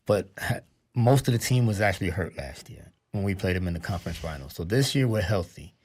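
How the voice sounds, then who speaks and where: A man who is a sports reporter on a casual talk show, chiming in with quick quips. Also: deep voice, expressive, a little mellow, breathy edge.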